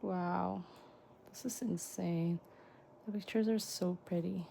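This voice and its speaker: A young woman vlogger unboxing fan merchandise in casual chat, gushing and excitable with frequent gasps and exclamations. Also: lowish voice, takes it slowly, gravelly, a little hiss or hum.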